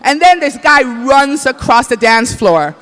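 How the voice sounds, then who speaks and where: Flamboyant male host, very high bright voice. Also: big pitch swings, unhurried. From Dominican Republic. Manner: flamboyant, exclaims in Spanish. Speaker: comedy awards host. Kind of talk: stand-up hosting. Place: comedy stage before a live audience.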